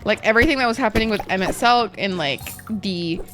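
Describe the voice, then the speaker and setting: A woman's voice: medium pitch, animated, brisk, fairly bright tone, faint music behind. A woman streamer chatting casually while gaming, rambling and emotional, with lots of "like" and swearing.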